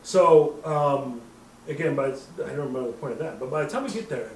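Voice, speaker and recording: A man's voice: medium pitch, lively intonation, brisk, far from the mic, slight background noise. A man hosting a casual show, rambling through a drunken story with lots of swearing and laughter. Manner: rambling, profane, laughing at his own story. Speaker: host. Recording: roomy, off-mic with faint ambience.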